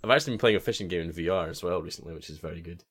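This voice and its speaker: Giggly low-voiced man hosting a chat. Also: racing, a bit bright, slightly rough. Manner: laughs often, rambling with restarts. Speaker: podcast host. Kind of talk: casual chat.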